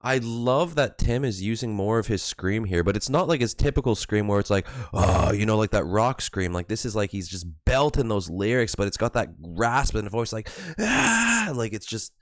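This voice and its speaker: A young man reacting to a new song at home early in the morning, gushing and excitable, full of "like", keeping his voice down so as not to wake a neighbor. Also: fairly low pitch, fairly quick, few pauses, no echo, studio quality. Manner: keeping voice down, hushed asides. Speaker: music reaction host. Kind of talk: music reaction commentary.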